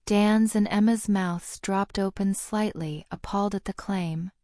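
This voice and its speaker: A woman narrating a fan fiction audiobook in a steady, measured reading. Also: mid-range voice, no echo, clean studio sound.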